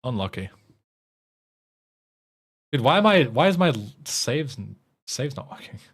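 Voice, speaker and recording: A man's voice: mid-range voice, very animated, a little slow, husky. An English man streaming a game, chatting casually in a rambling way with frequent swearing and restarts. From England. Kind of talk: casual chat while playing a game.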